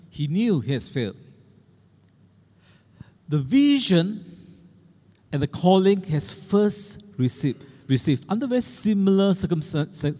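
A man's voice: fairly high pitch, a little mellow. A middle-aged man preaching a sermon as pastor, earnest and emphatic as he quotes scripture. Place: church. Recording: long church reverb.

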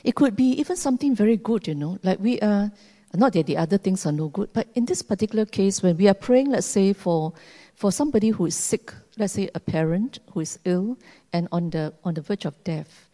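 A woman preaching a sermon, earnest and measured, with long pauses between phrases. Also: mid-range voice, animated, dark tone. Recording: long hall reverb.

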